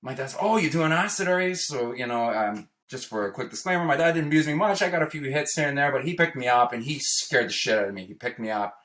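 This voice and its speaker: Guy from toronto telling a story, chatty and lively, does the voices, mid pitch, echoey room. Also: quick pace, few pauses. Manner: casual, animated, acts out quotes, tags lines with "right?". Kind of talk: personal storytelling. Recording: roomy echo.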